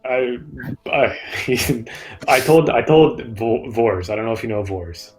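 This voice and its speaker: A man's voice: mid-range voice, expressive, takes it slowly, soft background music, rough recording. A man playing a tabletop game in character, stammering and restarting his sentences. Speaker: player. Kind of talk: in-character tabletop role-play.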